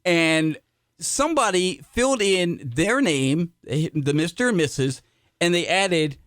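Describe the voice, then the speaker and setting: A middle-aged man co-hosting a podcast, chatting casually and telling animated stories with sudden loud asides. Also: high-pitched, measured pace, no echo, studio quality. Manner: animated storyteller, jumps into shouted asides. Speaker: podcast co-host. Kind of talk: casual chat.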